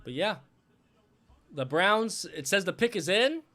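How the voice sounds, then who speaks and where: High, bright-voiced male streamer. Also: lively intonation, measured pace, soft background music. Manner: rambling, thinks aloud, thanks viewers for subs. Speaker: live stream host. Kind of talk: casual live reaction commentary.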